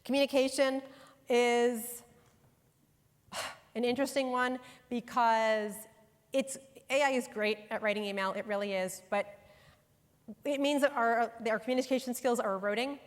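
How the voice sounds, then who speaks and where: High-voiced woman presenter in a reverberant hall. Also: steady tone, normal speed, pauses often. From New York. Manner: conversational and emphatic, speaking directly to the audience. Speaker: workshop presenter and author. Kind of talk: live workshop talk to professionals. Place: conference room before a live audience. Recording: long hall reverb in a large room.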